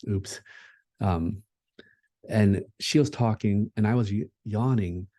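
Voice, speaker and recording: A man's voice: on the low side, takes it slowly, mellow, no echo. A man giving a keynote talk at a conference, speaking in a reflective, conversational way, with many fillers and restarts.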